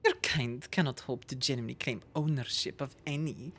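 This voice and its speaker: A woman's voice: very deep voice, normal speed, breathy edge, pitched below the performer's own voice, full character voice. Woman reading as a haughty ancient alien seer. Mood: haughty, solemn.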